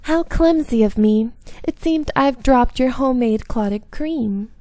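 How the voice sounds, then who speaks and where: A woman voicing a poised lady detective in a visual novel reading, in an oddly pitched put-on voice. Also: takes it slowly, mellow, no echo. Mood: cool.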